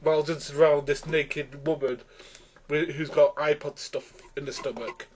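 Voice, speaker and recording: Guy venting about a movie, kinda high voice, stumbles and restarts a lot. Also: level tone, a little slow, slight background noise. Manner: exasperated, rambling, many restarts. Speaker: film reviewer. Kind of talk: ranting film review vlog.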